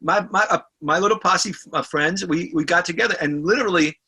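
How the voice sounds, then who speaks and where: A man from New York chatting as a guest, telling excitable stories and acting out the voices of the people in them, over a video call. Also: sits high, a little fast, slightly rough. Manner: excitable anecdote teller, acts out voices. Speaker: guest musician. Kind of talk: casual interview chat.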